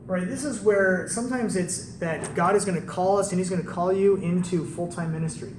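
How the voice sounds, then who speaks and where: Male preacher, conversational and animated, recorded from a distance with faint background noise. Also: sits high, fairly quick, reverberant. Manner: conversational, animated storytelling with rhetorical questions. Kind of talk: sermon.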